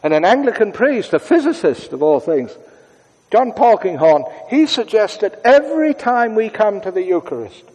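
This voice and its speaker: A man preaching a sermon in a conversational way, moving between brisk asides and hushed, prayerful tones. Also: high voice, big pitch swings, big-room sound.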